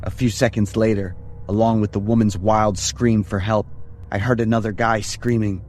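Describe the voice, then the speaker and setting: A man in his thirties tells a first-person horror story in a casual, slangy voice. He speaks in a lowish register. Clear background music plays under him. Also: little pitch movement, normal speed, a little mellow. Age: 30s. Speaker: narrator.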